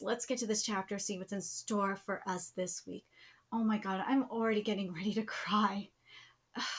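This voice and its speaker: A woman in her thirties hosting a live manga reaction video, gushing and emotional, often dropping into breathy whispered exclamations. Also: a little high. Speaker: YouTube manga reaction host.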